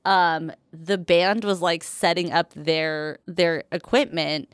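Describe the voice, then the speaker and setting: A woman's voice: fairly low pitch, fairly even intonation, slow pace, smooth, no room sound, studio quality. A woman in her thirties co-hosting a chat in a hotel room, telling a story in a rambling way with many fillers and laughs. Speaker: podcast co-host.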